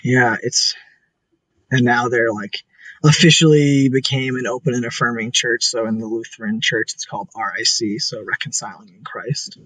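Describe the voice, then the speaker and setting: A man's voice: medium pitch, fairly even intonation, moderate pace, a bit bright, husky, poor audio. A young man talking casually and earnestly as an interview guest, full of "like" fillers.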